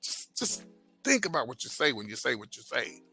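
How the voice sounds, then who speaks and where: A man's voice: medium pitch, very animated, moderate pace, vocal fry, sharp tone, husky, soft background music. A man hosting an entertainment gossip show, chatting casually and animatedly with viewers, calling them baby and child. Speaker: host of a celebrity gossip channel.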